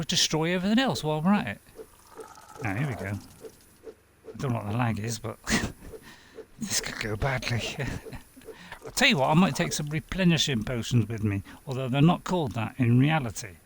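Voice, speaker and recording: Chatty man with a gravelly voice. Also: fairly high pitch, a little hiss or hum. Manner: rambling, talks to himself, chuckles often. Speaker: game streamer. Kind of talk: casual gameplay commentary.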